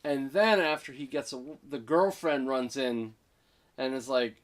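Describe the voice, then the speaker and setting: A man co-hosting a casual movie review, eagerly retelling scenes and acting out the characters' lines. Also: a little high. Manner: excited retelling, acting out lines with quick voice switches.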